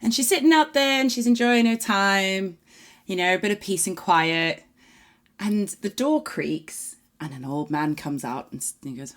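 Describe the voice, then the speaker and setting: A woman co-hosting a reaction video, telling a long joke in a casual, animated way and laughing easily. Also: mid-range voice, normal speed. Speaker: reaction channel co-host.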